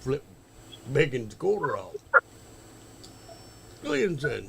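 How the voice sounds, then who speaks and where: Brief: unhurried male talker, gravelly and swoopy, salty storyteller, crowd under him. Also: sits high, wildly swooping pitch. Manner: drawn-out, profane, halting telling. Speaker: guest on a wrestling talk show. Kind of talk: casual storytelling chat.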